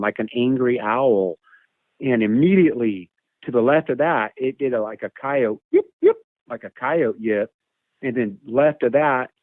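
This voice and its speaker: A man telling a camping encounter story in a casual, animated way, sometimes imitating animal calls, heard over a phone line. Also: mid-range voice, no echo. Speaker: caller sharing an encounter story.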